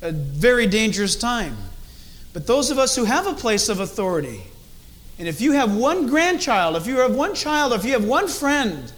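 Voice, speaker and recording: A middle-aged man preaching a sermon as a pastor, animated and acting out different tones of voice as he speaks. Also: very high-pitched, normal speed.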